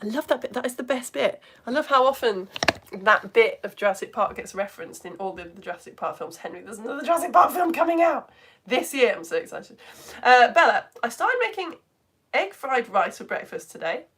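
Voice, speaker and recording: A woman hosting a live-streamed lesson, reading out viewer messages with bubbly, gasping enthusiasm. Her voice sits fairly high and swings widely up and down as she reacts. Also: sing-song, fairly quick, fairly bright tone, breathy edge. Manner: bubbly and exclamatory, gasping with delight.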